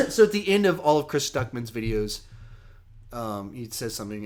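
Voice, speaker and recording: A young man hosts a relaxed livestream Q&A, rambling and poking fun at himself. His mid-pitched voice often surges with energy partway through a sentence. He is animated yet a bit slow, with long pauses.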